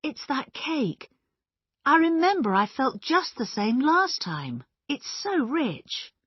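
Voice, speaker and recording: A sharp-tongued young woman, voiced by a woman narrator, dry and dismissive, drawing her words out slowly. The storybook recording sounds flat and dry. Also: sits high, no echo, highs cut off, voice pushed up, exaggerated voice.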